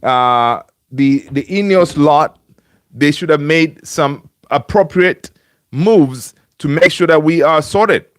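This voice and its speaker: Chatty high-voiced man live-streaming. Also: slow pace, fairly bright tone, dry recording, clean studio sound. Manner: chatty, greets chat viewers by name, frequent fillers and restarts. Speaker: host of a fan live stream. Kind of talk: casual live stream chat. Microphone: home streaming setup with webcam.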